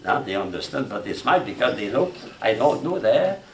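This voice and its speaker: A man's voice: medium pitch, sing-song. French-accented man lecturing in an echoey room. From France. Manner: halting, frequent fillers and restarts, asks "huh?" and "you know?". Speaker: logic instructor. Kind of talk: classroom lecture. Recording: echoey room from far off, faint noise.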